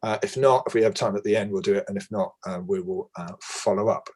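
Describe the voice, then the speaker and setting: A man chairing a webinar in a chatty, relaxed way with lots of fillers, on a video call. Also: fairly low pitch, fast. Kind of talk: casual webinar hosting.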